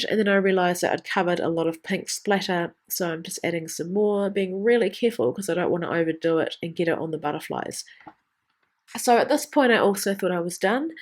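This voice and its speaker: A woman's voice: lowish voice, a little fast. Stuffy-nosed chatty craft vlogger woman. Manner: chatty, enthusiastic, with many ums. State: congested, nasal from a cold. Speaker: scrapbooking vlogger. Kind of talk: voice-over narration of a craft process video.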